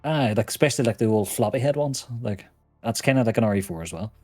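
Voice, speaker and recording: A young man hosting a casual co-op gaming stream, laid-back and quick to laugh while keeping up with his chat. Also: fairly low pitch, lively intonation, darkish tone, no room sound, faint music behind. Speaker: streamer and host.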